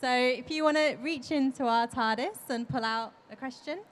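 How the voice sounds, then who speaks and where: A woman hosting a convention panel, briskly moving the session along between audience questions. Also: high voice. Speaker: panel host.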